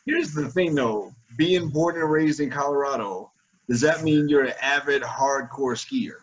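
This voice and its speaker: A man hosts a casual webinar interview over a video call, upbeat and slangy, repeatedly calling his guest "man." His medium-pitched voice is husky and a little slow, and the sound is lo-fi.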